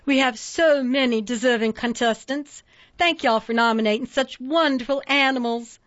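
A woman narrator putting on a fake-sweet judge with a sugary Southern accent, high and loud as she announces. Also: moderate pace, no echo, dull audio. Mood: sugary welcome.

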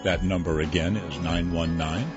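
Deep-voiced man announcing a program sign-off. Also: fairly even intonation, normal speed. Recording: muffled recording with music underneath.

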